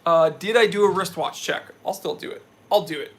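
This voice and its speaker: Energetic young man hosting a live stream. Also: high voice, a little fast. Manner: energetic, reads chat messages aloud. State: sweaty after a hike. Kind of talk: casual live stream chat.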